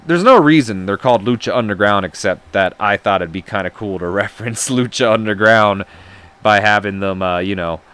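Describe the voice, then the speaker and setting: A man's voice: on the low side, brisk, a bit bright, clear, resonant tone. A man hosting a wrestling game playthrough in chatty, self-deprecating, rambling casual commentary. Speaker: let's-play host.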